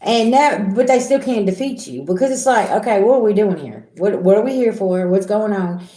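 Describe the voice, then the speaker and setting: A woman's voice: medium pitch, expressive, fairly quick, mellow, reverberant. A middle-aged woman giving a casual tarot reading, blunt and repetitive, talking straight to her viewers. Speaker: tarot reader.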